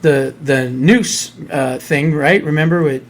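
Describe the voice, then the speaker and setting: A man's voice: a little high, slow, slight background noise. A man co-hosting a podcast, telling a story in a scornful, indignant tone. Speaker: podcast co-host. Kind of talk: casual opinionated chat.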